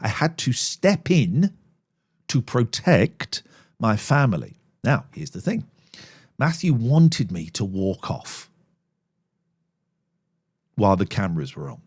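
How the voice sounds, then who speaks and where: A middle-aged man, hosting a live phone-in show, blunt and sweary, given to loud angry rants. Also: fairly low pitch, sing-song, slow pace, long pauses, slightly rough. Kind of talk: live-streamed phone-in talk.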